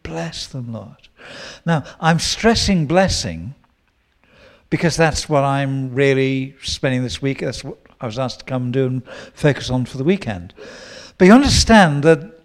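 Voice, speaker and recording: A man preaching a sermon, teaching with lively quoted prayers and asides. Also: medium pitch, normal speed. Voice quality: gravelly.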